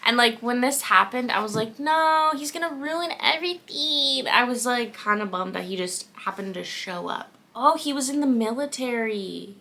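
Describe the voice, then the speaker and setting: A woman's voice: a little high, normal speed, few pauses, sharp tone. A young woman recapping a novel she loves, reading passages aloud and reacting with emotion and casual swearing. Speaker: book vlogger.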